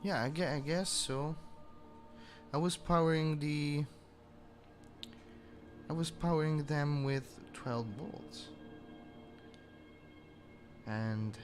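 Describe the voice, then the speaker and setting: A man on a live stream, talking slowly in frustrated mutters, swearing and sighing. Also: a little high, soft background music. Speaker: maker streamer.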